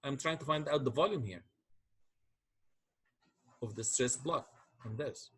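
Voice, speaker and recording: Man lecturing with a husky voice. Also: mid-range voice, measured pace, a bit bright. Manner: explains step by step, asks checking questions. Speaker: engineering lecturer. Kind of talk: classroom lecture.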